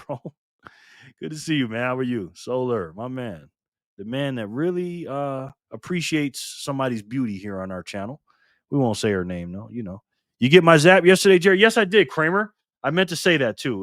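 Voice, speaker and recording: An older man runs a casual live stream, greeting viewers by name and swinging from loud and cheerful to low and quiet. The audio is studio quality with no room sound.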